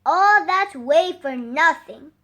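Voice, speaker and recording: A woman reading a fable aloud for children in a slow, expressive, sing-song way. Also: very high voice. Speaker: storyteller.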